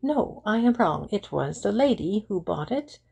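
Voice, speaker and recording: A woman's voice: mid-range voice, unhurried, voice pushed up, full character voice. A woman voicing an eager young shop girl who chats readily and slips into phrases. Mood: eager, helpful. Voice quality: gravelly, husky. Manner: lively, helpful, sprinkles French phrases.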